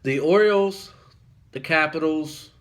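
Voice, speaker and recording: A man talks straight to camera in a casual vlog. His voice sits a touch high for a man, and he rambles, filling gaps with ums and restarting his sentences. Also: unhurried. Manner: rambling, full of ums and self-corrections. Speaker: vlogger.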